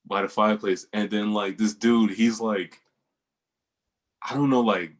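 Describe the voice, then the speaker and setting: Low, husky-voiced young man telling stories. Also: steady tone, a little slow. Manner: laid-back slangy storyteller, laughs often. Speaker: podcast co-host. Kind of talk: casual storytelling chat.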